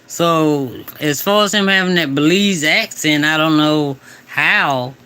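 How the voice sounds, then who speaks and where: A man co-hosts a live commentary stream in a laid-back, amused way. He talks very slowly. His voice is bright and clean. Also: fairly high pitch, clean tone. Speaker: co-host.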